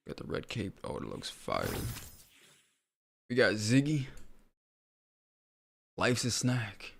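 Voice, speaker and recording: A man streaming a game, reading shop item blurbs aloud in a loose, offhand mumble and reacting in casual slang. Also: lowish voice. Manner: casual slang, easily impressed. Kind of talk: casual livestream commentary.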